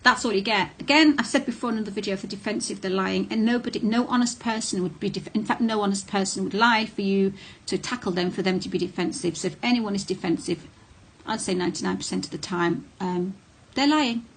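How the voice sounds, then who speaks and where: A woman's voice: medium pitch, fast, hardly any pauses, husky. Blunt woman vlogging. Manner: blunt and candid, with many ums and restarts. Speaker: vlogger on narcissistic abuse. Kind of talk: casual talk to camera.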